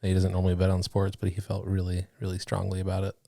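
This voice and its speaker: A man's voice: low voice, monotone, fast talker, creaky, dark tone, dry recording, studio quality. A man co-hosting a casual podcast, laid-back and wry, laughing often. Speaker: podcast co-host. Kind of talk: casual chat.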